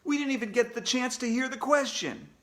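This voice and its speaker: A man doing a loud, cocky schoolboy. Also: very high-pitched, animated, a little fast, voice pushed up. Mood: brash. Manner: loud and complaining.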